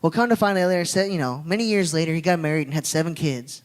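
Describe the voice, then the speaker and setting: Man with a higher voice telling a heartfelt story. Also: fast, rough recording. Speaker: guest speaker. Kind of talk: sermon storytelling. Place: church.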